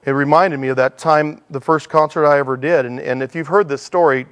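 A middle-aged man giving a sermon in a church, animated and self-deprecating, telling stories and acting out dialogue. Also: a little high, fairly quick. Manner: animated, acts out dialogue in changing voices. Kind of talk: sermon with storytelling.

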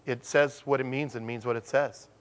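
A man preaching a sermon as a pastor, telling stories with lively acted-out quotes and slowing down to stress his main points. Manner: animated storytelling, acts out quotes with sudden pitch jumps; slows to a deliberate, emphatic delivery on key points.

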